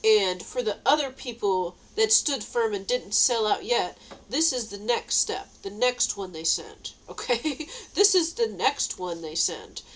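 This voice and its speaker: A woman's voice: mid-range voice, animated, measured pace, low-quality recording. A woman talking to camera in a rambling, casual monologue, full of fillers and nervous laughs, now and then turning indignant. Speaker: vlogger.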